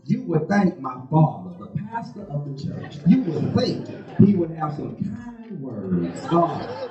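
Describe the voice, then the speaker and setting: Animated stand-up comedian. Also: male voice, a little high, takes it slowly, a crowd in the background. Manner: animated, vernacular, laughing through lines. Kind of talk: stand-up storytelling. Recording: roomy, distant, muffled live stage audio with music.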